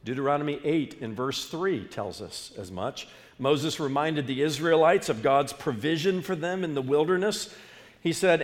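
A male pastor delivering an animated sermon, leading the congregation in call-and-response. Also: a little high, moderate pace. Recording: long reverb of a large hall.

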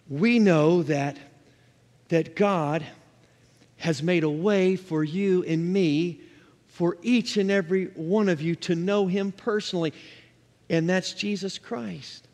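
A man's voice: fairly high pitch, takes it slowly, long pauses, darkish tone, long reverb tail. A man preaching a sermon as a pastor, emphatic, with repeated refrains and scripture read aloud.

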